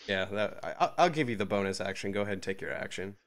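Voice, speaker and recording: A man's voice: on the low side, expressive, fast talker, fairly bright tone. A man narrating a tabletop game as game master, joking and rambling with many restarts.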